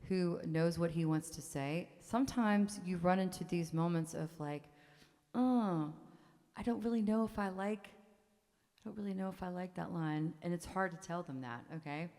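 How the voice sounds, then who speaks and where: A woman in her forties, a songwriter telling stories and taking questions from a live theater audience in a chatty, self-interrupting way, often laughing. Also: fairly low pitch. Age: 40s. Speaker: songwriter performing a one-woman show. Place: theater stage. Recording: long hall reverb, faint music.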